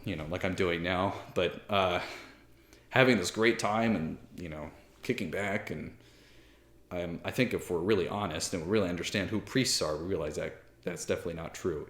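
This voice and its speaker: A priest in his thirties talks casually to camera from a library armchair, his lowish voice sounding reverberant. The talk is candid and self-deprecating, full of fillers and restarts.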